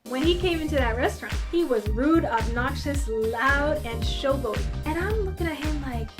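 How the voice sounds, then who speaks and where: A young woman with a high, bright-sounding pitch retells a story for her viewers. She is chatty and emphatic, turning to the audience with asides. Music plays clearly underneath her voice. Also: expressive, moderate pace, few pauses. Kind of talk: animated story time narration.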